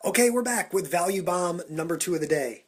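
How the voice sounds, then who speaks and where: A man vlogging for social media, talking in an energetic, punchy countdown style into a phone held at arm's length. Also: fairly high pitch, moderate pace, slightly rough. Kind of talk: upbeat Snapchat vlog talk.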